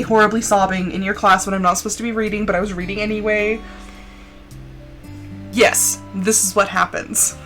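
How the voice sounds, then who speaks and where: A woman streaming a game, chatting casually and rambling off on tangents in an expressive way. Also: medium pitch, moderate pace, faint music behind. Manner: animated and expressive. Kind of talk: casual gameplay chat.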